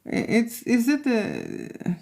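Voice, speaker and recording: A woman's voice: fairly high pitch, wildly swooping pitch, very slow, gravelly, dark tone. A woman from Lithuania with a Lithuanian accent, a photographer chatting casually on a livestream and reading out comments, with many "okay?" and "you know" fillers.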